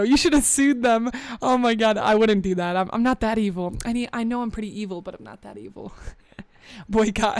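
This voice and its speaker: A young woman hosts her live stream in a relaxed, rambling way, reading the chat aloud and laughing often. Her voice is smooth and clear, and it sounds a little out of breath. The sound is close and dry, with no room echo. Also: mid-range voice. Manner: chatty, scattered, reads chat aloud. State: a bit out of breath. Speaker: VTuber streamer.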